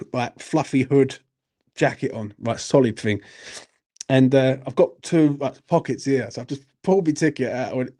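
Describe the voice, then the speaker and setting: Sweary bloke telling a story. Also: male voice, mid-range voice. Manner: swearing, animated anecdote with laughs and "mate". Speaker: football channel host. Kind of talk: late-night casual storytelling.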